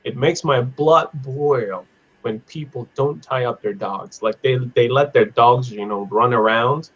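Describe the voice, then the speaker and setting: A man teaching an online English class on idioms, playful, laughing often and repeating phrases slowly. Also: mid-range voice, slightly rough, lo-fi sound. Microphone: video call.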